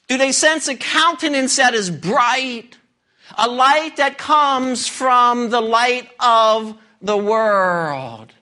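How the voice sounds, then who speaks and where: A man's voice: very high voice, sharp tone. A man preaching a sermon, emphatic and questioning the congregation directly. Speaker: pastor.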